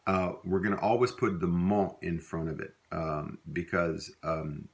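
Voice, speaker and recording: A middle-aged man with a Louisiana accent gives a casual spoken language lesson. His voice sits very low. He rambles easily, using fillers and correcting himself mid-sentence. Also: unhurried, vocal fry. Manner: relaxed, rambling, with many fillers and self-corrections. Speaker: language teacher.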